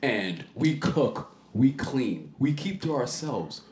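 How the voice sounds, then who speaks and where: A man hosting a podcast, telling a story in a casual, animated way and jumping into high voices when he quotes people. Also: slow pace. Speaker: podcast host. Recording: roomy echo.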